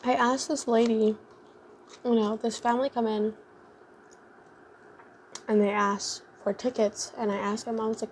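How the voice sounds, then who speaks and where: A woman's voice: mid-range voice, little pitch movement, normal speed, a little mellow, slight background noise. A young adult woman vlogger telling a casual storytime, rambling and full of fillers like "like" and "um".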